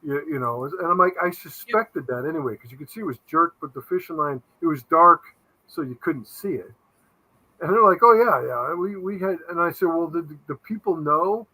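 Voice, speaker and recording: A man with a bright, forceful voice chats as a guest paranormal investigator. He tells blunt, skeptical stories. His pitch sits a little high. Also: brisk, slightly rough, poor audio. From Connecticut, USA. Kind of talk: casual chat.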